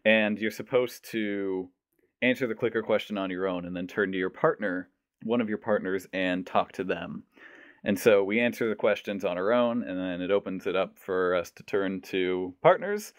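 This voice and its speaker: Young man telling a story, low and dry. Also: moderate pace, no room sound. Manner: animated storyteller, mimics voices. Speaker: podcast host. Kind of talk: casual storytelling.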